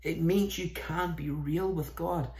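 A man's voice: a little high, fairly even intonation, unhurried, a little mellow. A man, preaching a sermon in an earnest, conversational way, often posing questions to his listeners. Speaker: pastor. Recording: roomy echo.

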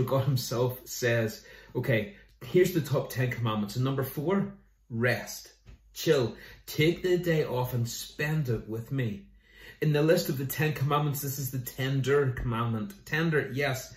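A man's voice: medium pitch, recorded from a distance. A man, a pastor giving an online sermon in a conversational way, with jokes and scripture readings. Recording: roomy echo.

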